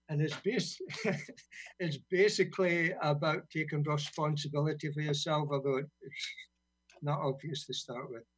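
A man from Britain reading his own poems on community radio, relaxed and wry between blunt, sweary verses. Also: fairly high pitch, breathy edge. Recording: dull lo-fi radio sound.

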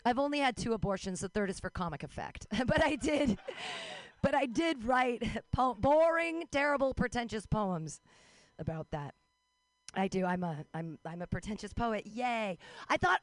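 Out on the street, a young female stand-up comic works through her set, wry and self-deprecating, throwing in quick asides. Her slightly high voice has a sing-song lilt, and the sound is close and dry with no echo or room around it.

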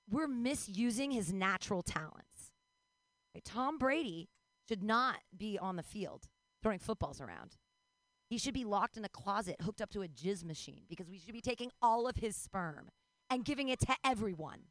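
A woman's voice: mid-range voice, lively intonation, normal speed, no room sound. A woman in her forties doing a rambling, bawdy stand-up comedy set, breaking into squeals and laughs. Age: 40s.

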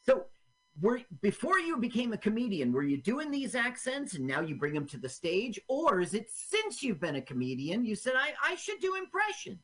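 A man's voice: high-pitched, sing-song, normal speed, fairly bright tone, breathy edge. A man hosting a radio show and interviewing a guest. He gives short, encouraging replies and asks open questions. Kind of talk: casual interview chat.

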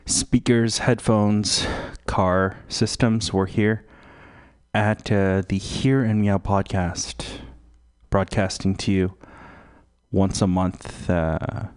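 Slow, low-voiced rambling radio man. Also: fairly even intonation, darkish tone, smooth. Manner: profane, slow and meandering. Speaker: radio host. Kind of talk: rambling live radio banter.

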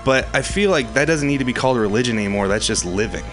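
A man chatting as a guest on a casual show, easygoing and relaxed. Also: medium pitch, fast talker, music in the background. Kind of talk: casual chat.

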